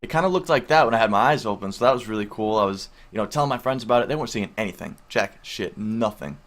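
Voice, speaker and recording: A man's voice: lowish voice, animated, fast. A young adult man casually telling a personal story to camera, rambling and full of filler words, with casual swearing. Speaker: vlogger.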